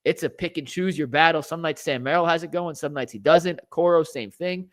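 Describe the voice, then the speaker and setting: A man's voice: fairly high pitch, a little fast. A man hosting a sports talk show, talking animatedly and rattling off statistics.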